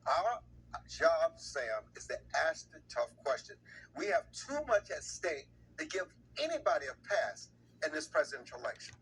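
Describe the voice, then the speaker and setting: A man's voice: a little high, big pitch swings, moderate pace, a bit bright. A man hosting a political talk show, passionate and emphatic, often repeating himself. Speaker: host and broadcast owner. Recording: distant mic with faint noise.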